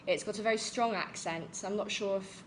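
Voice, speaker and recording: A young Englishwoman with a standard southern accent, talking as a guest teacher in a live-stream interview. She chats easily and fills her pauses with frequent "um"s. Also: mid-range voice, a little hiss or hum, low-quality recording. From England. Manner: chatty, with many "um" pauses.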